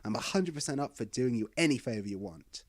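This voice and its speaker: A man's voice: mid-range voice, lively intonation, fast, close to an everyday voice. A man voicing a smug, laid-back male sea god who teases in an offhand way.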